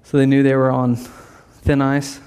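A man's voice: medium pitch, completely flat delivery, unhurried, darkish tone, clean tone. A man preaching a sermon in a conversational way, sometimes acting out the voices of the people in his story. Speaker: pastor.

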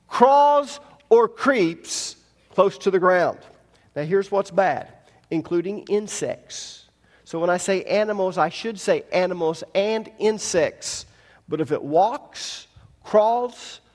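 A man's voice: sits high, in a large hall. A man preaching a sermon, teaching verse by verse and reading scripture aloud, with folksy asides to the congregation. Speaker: pastor.

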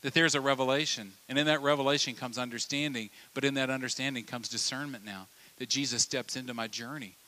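A man preaching a sermon in a lively, conversational way, acting out the voices of the people in his stories. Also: mid-range voice. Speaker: pastor.

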